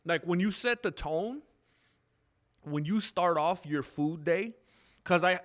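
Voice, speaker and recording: A man with a fairly high voice hosting a loose, casual livestream. He rambles, reacts to the chat as he goes, and fills his pauses with plenty of ums. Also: a bit bright. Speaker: livestream host. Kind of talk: casual live-stream chat.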